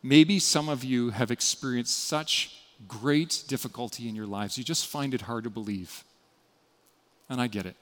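A man preaching a sermon as pastor, earnest and often dropping to a quiet, intimate tone. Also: mid-range voice, moderate pace. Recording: long hall reverb.

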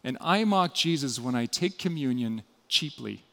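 A man preaching a sermon as pastor, earnest and often dropping to a quiet, intimate tone. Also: mid-range voice, lively intonation, moderate pace, creaky. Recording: long hall reverb.

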